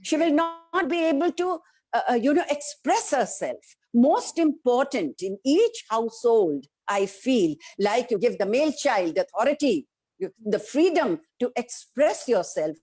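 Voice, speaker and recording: A woman with an Indian English accent speaks as an interview guest in a fairly high voice that swoops up and down. She is emphatic and passionate, firing rhetorical questions. She slips into the voices of the people she quotes. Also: expressive, a little slow, dark tone, slightly rough. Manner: acts out quoted voices of family and society. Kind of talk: conversational interview answer.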